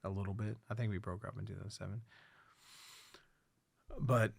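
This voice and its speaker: A man's voice: on the low side, steady tone, moderate pace, gravelly, slight background noise. A man co-hosting a podcast in casual chat, loose and swearing often. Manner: loose, swears a lot, many fillers. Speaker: podcast co-host.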